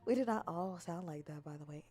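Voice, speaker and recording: A woman's voice: on the low side, brisk, warm tone. A woman streamer in casual, rambling chat, teasing and joking as she reads comments aloud. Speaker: VTuber streamer. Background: faint background music.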